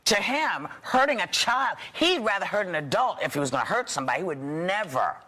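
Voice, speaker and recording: Male interview guest, opinionated. High, animated voice with a bright edge. Emphatic delivery. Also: brisk. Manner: emphatic, insistent.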